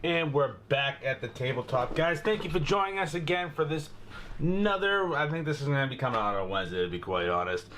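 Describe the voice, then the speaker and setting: A young man with a Boston accent talks viewers through a hands-on repair in a loose, joking way, tossing in "guys" and "bro". His voice sits a little high for a man. Faint noise hums behind him. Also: very animated, fairly quick, fairly bright tone. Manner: chatty, jokey, addresses viewers as guys and bro. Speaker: gun channel host. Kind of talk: casual how-to demonstration.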